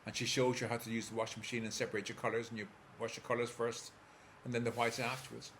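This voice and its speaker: An Irish man, a therapist, calmly guiding the listener step by step through a visualization. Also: mid-range voice, fast talker, slight background noise. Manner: calm, steady, coaching listener step by step. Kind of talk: guided visualization talk.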